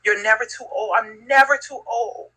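A woman's voice: fairly high pitch, fairly even intonation, normal speed, bright, forceful tone, husky, low-quality recording. A middle-aged woman telling a heartfelt, reflective story in a casual chat as a podcast guest. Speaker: podcast guest, host's mother.

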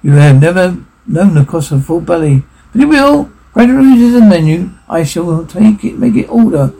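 A man's voice: high-pitched, expressive, normal speed, creaky, mellow, breathy edge, exaggerated voice, low-quality recording. An actor playing a menacing male captor in a horror film, speaking in a theatrical, taunting way.

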